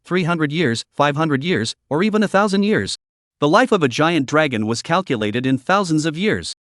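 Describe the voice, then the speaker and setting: A man narrating a fantasy comic story recap in a steady, even reading. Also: fairly high pitch, no echo, studio quality.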